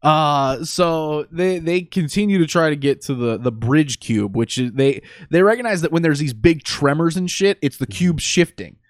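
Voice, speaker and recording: A man's voice: fairly high pitch, normal speed, hardly any pauses, dry recording, studio quality. A man in casual chat, retelling a movie plot in a loose, rambling way with frequent swearing. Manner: profane, rambling storytelling.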